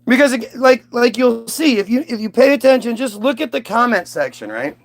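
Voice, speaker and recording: A man's voice: extremely high pitch, expressive, moderate pace, gravelly. A man hosting his own channel in a heated, profane commentary rant, firing off rhetorical questions. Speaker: commentary host. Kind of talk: ranting commentary.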